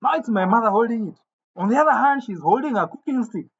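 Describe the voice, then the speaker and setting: Brief: animated male storyteller, husky, muffled lo-fi sound. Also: very high-pitched, fast. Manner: animated, indignant, stumbling restarts. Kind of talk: comic storytelling. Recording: dull lo-fi recording.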